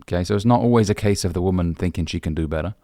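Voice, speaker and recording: Blunt deep-voiced man giving advice. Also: racing, dark tone, no echo, studio quality. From United Kingdom. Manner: blunt, brotherly, swears casually. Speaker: dating coach. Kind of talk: direct-to-camera advice talk.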